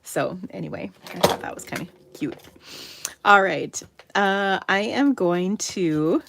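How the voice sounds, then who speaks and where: A middle-aged woman from Minnesota hosting a live card-making demo, chatty and enthusiastic, dropping into soft muttered asides as she works. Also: mid-range voice, slow pace, gravelly, a little hiss or hum. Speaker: craft livestream host.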